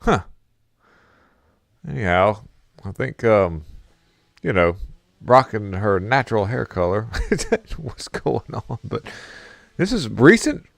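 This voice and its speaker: A man's voice: lowish voice, very animated, slow pace, creaky, long pauses, dry recording, clean studio sound. A man casually commenting on a political clip, mocking and incredulous and laughing often.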